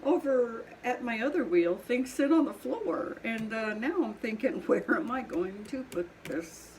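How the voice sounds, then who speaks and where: A middle-aged Colorado woman with a Southern twang and a sniffly nose chats casually while working in her home pottery studio, rambling and laughing often. Her voice sits fairly high, expressive and unhurried, a little mellow. The audio is poor, with slight hiss or hum.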